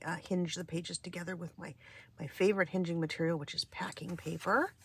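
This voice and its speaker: Soft-spoken woman with a gravelly, craggy voice. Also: lowish voice, a little fast, slight background noise. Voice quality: soft, often breathy and half-whispered. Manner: relaxed and meandering, with many fillers and restarts. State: weak, craggy voice. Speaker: craft vlogger. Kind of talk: casual chat during a journal flip-through. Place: home craft space.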